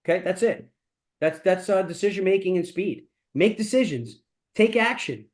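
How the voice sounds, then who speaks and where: A middle-aged man hosting a mastermind speaks at a moderate pace in a high, expressive voice. His blunt, profane motivational talk keeps circling back to the same catchphrases.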